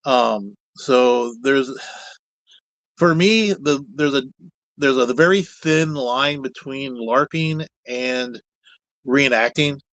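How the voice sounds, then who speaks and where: A puppet builder appears as a guest in a casual chat, rambling candidly and slowly with a sprinkling of mild cussing. His voice is at an ordinary middle pitch, and the sound is dry and close with no room echo.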